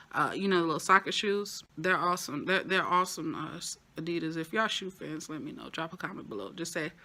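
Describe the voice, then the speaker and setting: A woman talking through a TV episode recap in a casual, lively way, with playful asides and sudden high exclamations. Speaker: TV show reviewer.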